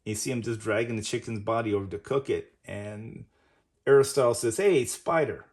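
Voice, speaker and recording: A man's voice: on the low side, steady tone, a little fast, darkish tone. Rambling male comic reviewer. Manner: rambling, says "basically" often. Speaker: comic book reviewer, host.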